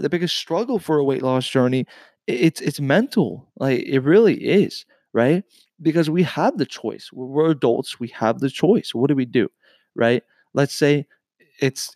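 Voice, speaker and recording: A man's voice: mid-range voice, darkish tone, dry recording. A man giving an earnest, encouraging talk about losing weight, speaking straight to his viewers and repeating his points. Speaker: weight loss vlogger. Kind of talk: motivational talk to camera.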